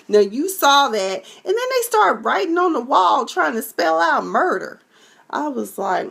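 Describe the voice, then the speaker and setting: Sassy high-voiced Texan woman. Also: sing-song, normal speed, creaky, fairly bright tone. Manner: sassy, exclamatory, acts out scenes with many voices. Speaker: vlogger recapping a TV episode. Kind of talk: animated casual recap.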